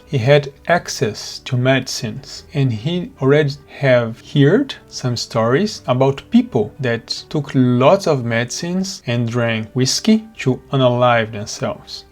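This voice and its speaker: Earnest male storyteller over soft music. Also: medium pitch. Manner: earnest, with simple phrasing. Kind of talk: motivational storytelling.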